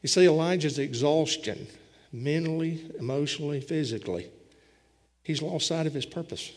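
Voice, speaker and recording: A man delivers a sermon with a homespun, storytelling touch. His voice sits a little higher than most men's. Everything rings with the long reverb of a large hall. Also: normal speed, darkish tone. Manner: folksy storytelling preacher, voicing scripture characters. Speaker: pastor.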